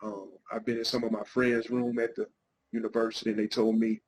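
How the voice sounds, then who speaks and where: A man's voice: lowish voice, little pitch movement, fairly quick, darkish tone, a little hiss or hum, low-quality recording. A middle-aged man, a guest pastor and counselor, telling his life story in an interview with an earnest, heartfelt manner.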